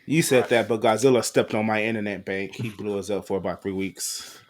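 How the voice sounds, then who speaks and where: A man's voice: lowish voice, a little fast. A man, co-hosting a podcast in casual chat, telling jokes and stories with slang. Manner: joking, lively storytelling with slang. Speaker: podcast co-host.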